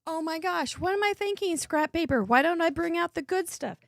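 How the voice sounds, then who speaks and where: A bubbly woman hosts a live crafting show, chatting and laughing as she works. Her high voice swoops up and down with a gravelly fry underneath. The sound is close and dry. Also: lively intonation, brisk, no echo. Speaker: host. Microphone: headset earbud.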